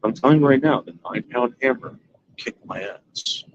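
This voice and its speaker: A man's voice: medium pitch, lively intonation, normal speed, muffled recording, a little hiss or hum. A man vlogging to his viewers from his backyard at night, rambling, boastful and crude in casual chat. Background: fan running.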